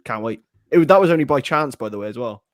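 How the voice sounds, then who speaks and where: A man talks football in an upbeat, easygoing way, his voice at a middle pitch. The sound is dry and close, with no room around it. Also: lively intonation, quick pace, dry recording. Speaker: podcast co-host. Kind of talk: casual football chat.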